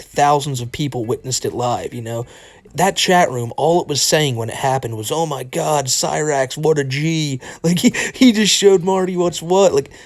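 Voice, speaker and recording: A man giving casual commentary on a clip, mocking and profane, often laughing. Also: medium pitch. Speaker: commentary YouTuber.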